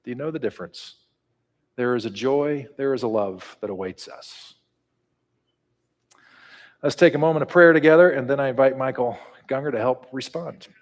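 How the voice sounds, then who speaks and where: A man's voice: medium pitch, moderate pace, pauses often. A man preaching a sermon and leading a prayer, earnest and building to call-and-response. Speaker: pastor. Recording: reverberant hall.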